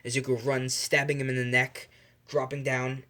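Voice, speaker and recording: A man's voice: mid-range voice, completely flat delivery, moderate pace, pushed and bright. Rambling young man improvising a story. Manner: rambling, self-correcting, lots of fillers. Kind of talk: improvised fan story narration.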